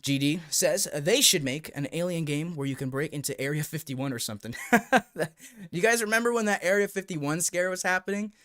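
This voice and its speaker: A young man from the United States chatting on a live stream, excitable and rambling as he talks to his viewers. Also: a little high, brisk. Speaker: YouTube VR streamer. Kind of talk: casual live-stream chat.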